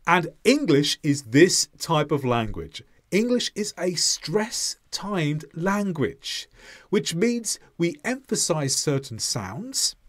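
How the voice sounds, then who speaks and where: A man teaching an English pronunciation lesson, speaking deliberately and modelling example sentences with clear stress. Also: on the high side, a bit bright.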